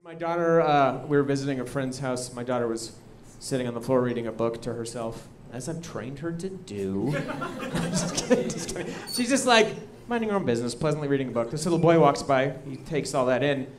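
A man telling a stand-up story in a comedy club, lively and mock-outraged. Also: medium pitch, fairly quick. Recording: loud background noise.

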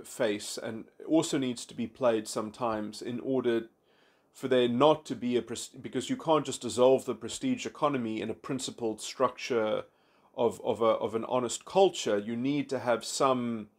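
A man giving an unscripted philosophical monologue, reflective and abstract, with frequent restarts, repeated words and fillers. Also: medium pitch. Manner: halting, many restarts and fillers. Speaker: philosophy commentator.

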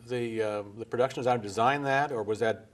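A man interviewing guests about a film, asking measured, gently prompting questions. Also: medium pitch.

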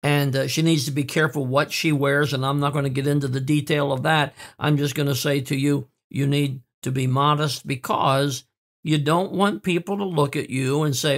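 Earnest preaching man, slightly high voice. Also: steady tone, gravelly. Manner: earnest preaching with fillers and repeated words; slows down to stress key words. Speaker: pastor. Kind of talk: sermon.

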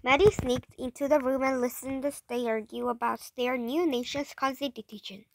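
A woman's voice: sits high, steady tone, slight background noise. A woman reading a children's story aloud, stumbling and correcting words as she goes. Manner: halting, rereads and corrects words. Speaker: storybook reader.

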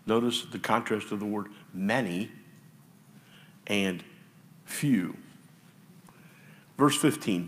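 A man's voice: medium pitch, measured pace, long pauses. A man with an American Midwestern accent preaching a sermon in a church, chatty and joking between scripture readings. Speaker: pastor. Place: church sanctuary. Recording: distant mic in a reverberant church with faint ambience.

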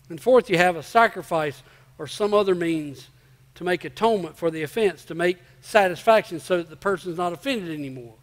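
Male pastor, emphatic sermon, high voice, repeats himself for weight, long church reverb. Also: a bit bright. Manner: emphatic, repeats key phrases, asks the congregation rhetorical questions. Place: church sanctuary before a congregation.

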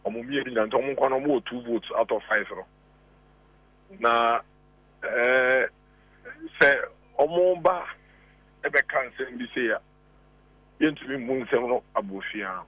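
A man with a Ghanaian accent calling in as a radio guest, arguing deliberately with rhetorical questions, heard over a phone line. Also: medium pitch, dry recording. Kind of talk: radio talk show discussion.

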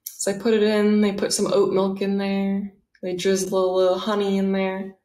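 A woman narrating a guided visualization in a soft, dreamy, enthusiastic manner. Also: mid-range voice, completely flat delivery, normal speed. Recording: roomy echo.

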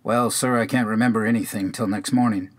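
A man's voice: on the low side, steady tone, a little fast, natural voice. Old cabin-dweller, quavering and proud, bewildered, slightly raised voice, read by a man in a poetry reading. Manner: quavering, proud, sing-song retelling.

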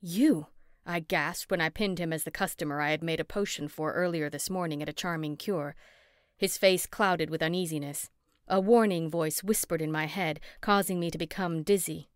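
Expressive woman audiobook narrator, lower voice. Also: moderate pace, smooth, dry recording, clean studio sound. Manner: lively, expressive dialogue. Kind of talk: first-person audiobook narration.

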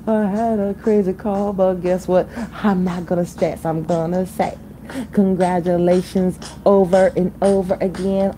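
A woman livestreaming who improvises a freestyle song with drawn-out sing-song repetitions, then chats casually. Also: fairly low pitch, little pitch movement, mellow, faint music behind, rough recording. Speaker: livestream host.

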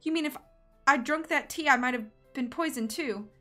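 A woman reading aloud, voicing an emotional young fashion designer who turns shrill when upset. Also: moderate pace, pushed and bright, soft background music. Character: frantic young woman fashion designer, grieving, quick-tempered.

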